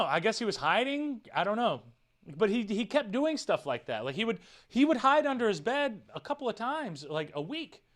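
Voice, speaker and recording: A man with a bright, forceful voice rambles through casual livestream chat. He repeats himself and swears offhandedly. The sound is dry and close. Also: sits high, dry recording. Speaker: livestream host.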